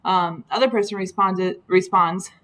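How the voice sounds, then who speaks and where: A woman's voice: medium pitch, steady tone, normal speed, fairly bright tone, poor audio. A woman teacher talking through grammar slides in a patient, explanatory way, with frequent ums. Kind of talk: recorded slide lesson.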